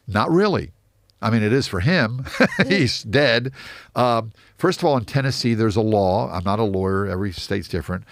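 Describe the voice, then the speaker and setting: Animated man with a gravelly low voice. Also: normal speed, no echo, clean studio sound. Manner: animated anecdotes with quoted dialogue. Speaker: real estate investor guest. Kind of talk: storytelling interview.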